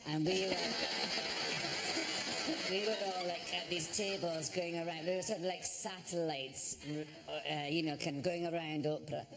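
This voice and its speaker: A woman's voice: on the low side, expressive, measured pace, gravelly, very noisy. A woman, a talk show guest, telling an anecdote in a chatty, self-mocking way with lots of fillers and restarts. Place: television studio with live audience. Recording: studio audience laughter.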